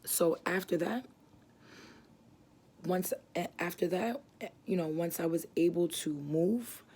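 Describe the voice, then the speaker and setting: A young woman giving an earnest personal religious testimony, halting and full of fillers and restarts. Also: fairly low pitch, warm tone, breathy edge. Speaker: ministry founder giving testimony.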